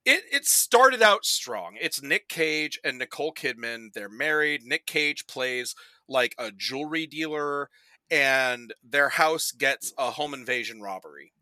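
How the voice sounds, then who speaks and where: A man chatting casually on a podcast as a guest, animated and rambling, packing his talk with "like" and quick put-on voices for the people he quotes. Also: medium pitch, no echo. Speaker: podcast guest presenting a movie bracket.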